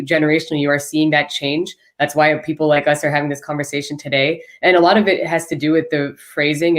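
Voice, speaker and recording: A woman speaking as a panel guest, earnest and articulate, building long arguments. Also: deep voice. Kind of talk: live panel discussion.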